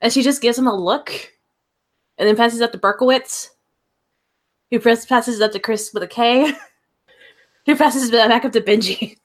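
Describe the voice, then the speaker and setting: A woman narrating a tabletop role-playing game as game master, lively and full of fillers and laughs. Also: fairly high pitch, normal speed, pauses often.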